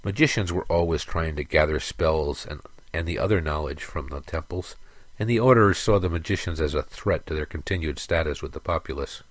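A man reading a fantasy story aloud in a measured, even storytelling manner. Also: extremely low pitch, no room sound. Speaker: narrator. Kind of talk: audiobook narration.

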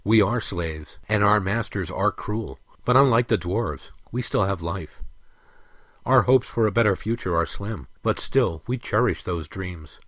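A man reading the part of a stern, weary elf king who lectures his son in a firm, measured way. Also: fairly low pitch, a bit bright, no echo. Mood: grave.

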